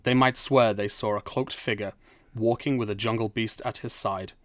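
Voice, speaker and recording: A male narrator reads a whimsical fantasy tale with dry, understated humor. His voice sits low. The recording is close and dry, with no room sound. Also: fairly even intonation, normal speed, dry recording. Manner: dry, wry storytelling. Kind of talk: scripted storybook narration.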